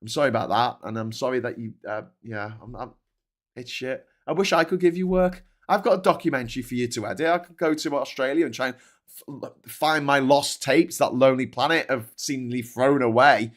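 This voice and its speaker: A man's voice: mid-range voice, fairly quick. A man hosting a casual chat, ranting and swearing freely as he answers viewers. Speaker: host.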